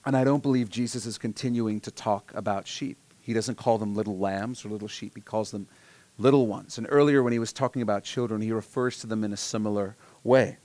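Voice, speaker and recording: A man preaching a sermon, earnest, dropping his voice soft for emphasis. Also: lowish voice, steady tone, a little fast, no room sound. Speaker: pastor.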